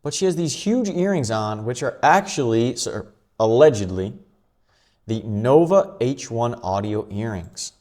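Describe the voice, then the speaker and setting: A man hosting his own commentary vlog, talking quickly and offhandedly with chuckling asides. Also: medium pitch, animated, a little mellow. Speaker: channel host.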